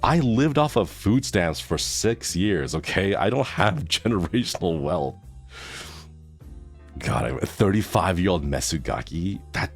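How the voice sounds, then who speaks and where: A man's voice: sits low, sing-song, unhurried, soft background music. A man in his thirties chatting casually on a live stream, reacting to chat with groans and laughs. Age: 30s.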